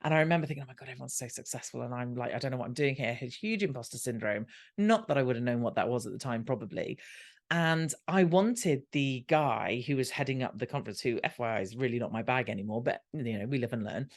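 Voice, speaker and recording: A woman's voice: extremely low pitch, fast. A British woman, a podcast guest, telling a story in casual chat and acting out the dialogue as she goes. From Britain. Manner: animated, acts out quoted dialogue.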